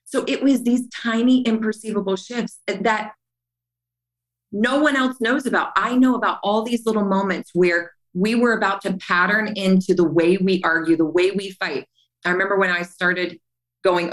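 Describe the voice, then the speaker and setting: A woman's voice: mid-range voice, moderate pace, rough recording. A middle-aged woman on a podcast, earnestly telling her story and acting out the voices in it. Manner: earnest and animated, acts out quotes. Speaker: podcast guest. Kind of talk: candid storytelling conversation.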